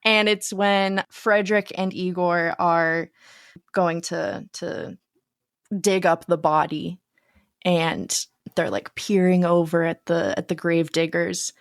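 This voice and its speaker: A woman co-hosting a podcast in casual chat, chatty and quick to laugh. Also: lowish voice, clear, resonant tone, no room sound, studio quality. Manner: chatty, laughs often, acts out quotes. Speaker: podcast co-host.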